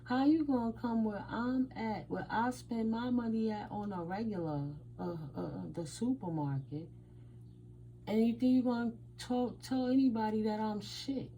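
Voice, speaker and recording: A woman's voice: on the high side, moderate pace, mellow, dull audio, slight background noise. A woman from the United States doing a casual tarot reading and telling stories, blunt and emphatic, with Spanish words mixed in. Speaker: tarot reader.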